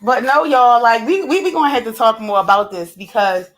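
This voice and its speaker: A woman's voice: a little high, fairly quick. A woman co-hosting a live stream in casual chat, talking bluntly and with animation, swearing freely and laughing often. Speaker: livestream co-host.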